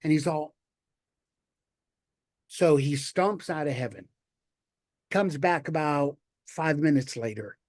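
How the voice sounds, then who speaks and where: A male guest poet telling a story slowly and easily. His voice is high for a man. The sound is dry and close. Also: no room sound. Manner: unhurried, relaxed telling. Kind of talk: spoken storytelling.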